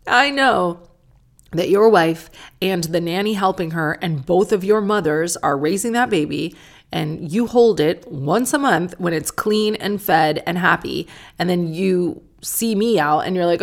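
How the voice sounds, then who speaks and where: A woman talks through a casual solo podcast, candid and sardonic and not shy of swearing. Her voice sits on the low side and carries a steady gravelly fry. She reads listener letters in the same easy, blunt way she chats. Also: measured pace. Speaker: podcast host.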